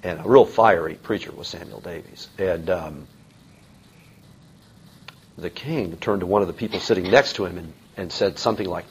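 A man's voice: low voice, animated, moderate pace, long pauses, darkish tone, slight background noise. A man teaching a Bible lecture in a conversational way, with many fillers and restarts. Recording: dull lo-fi recording.

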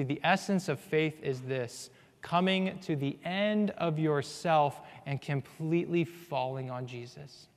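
Earnest preacher in a reverberant hall. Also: male voice, a little high. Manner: earnest, swings from hushed to loud and emphatic. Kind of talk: sermon. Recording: long reverb of a large hall.

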